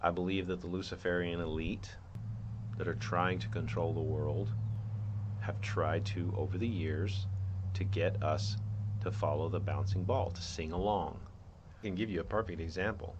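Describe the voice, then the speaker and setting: A man's voice: low voice, unhurried, muffled recording, a little hiss or hum. A man hosting his own show, laying out a theory in an earnest, rambling monologue with many restarts. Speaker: podcast host.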